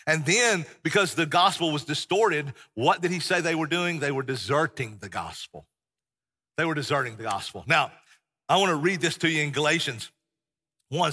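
A middle-aged pastor preaches with passion and folksy emphasis. His voice is bright and husky. It carries a long reverb through the church. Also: a little high. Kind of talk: sermon. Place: church sanctuary.

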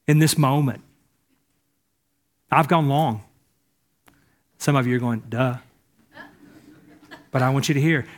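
A male pastor preaching a sermon to a church, impassioned, moving between loud urging and hushed speech. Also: medium pitch.

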